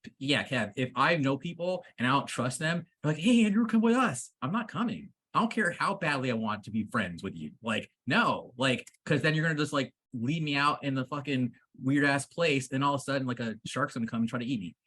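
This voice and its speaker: A man in his forties co-hosting a podcast in casual chat, excitable and swearing freely. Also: medium pitch, a little fast, slightly rough. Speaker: podcast co-host.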